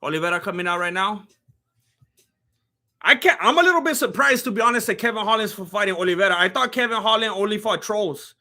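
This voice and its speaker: High, bright-voiced man joking on a live stream. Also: expressive, fast. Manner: rambling, joking, self-interrupting. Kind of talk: casual live-stream fight commentary.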